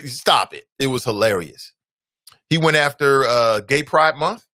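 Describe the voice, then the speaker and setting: A man hosting his own talk show, delivering a casual, emphatic monologue full of asides that breaks into loud, high-pitched outbursts. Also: expressive, slow pace, no room sound, clean studio sound. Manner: conversational asides and fillers.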